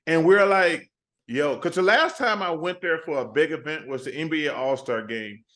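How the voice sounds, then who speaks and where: An older man with a drawl and a voice a little high for a man appears as a talk show guest in a casual phone interview. At normal speed, he tells lively stories, constantly quoting himself and others.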